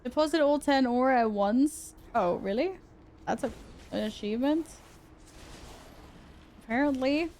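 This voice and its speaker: A woman's voice: high voice, measured pace, long pauses, a little mellow, slight background noise. A young woman streaming a video game live, chatting with her viewers in an exasperated, self-mocking way. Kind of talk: live gaming stream chat.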